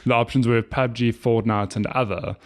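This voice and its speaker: A man's voice: mid-range voice, fairly even intonation, moderate pace. A man co-hosting a casual gaming podcast, chatty and laughing often. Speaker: podcast co-host.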